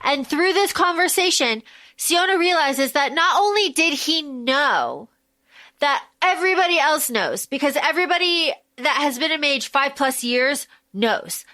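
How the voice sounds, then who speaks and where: A woman with a high, sharp, bright voice co-hosts a casual book podcast. She retells the story in an animated way and swears freely. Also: a little slow. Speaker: podcast co-host. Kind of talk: casual book-discussion chat.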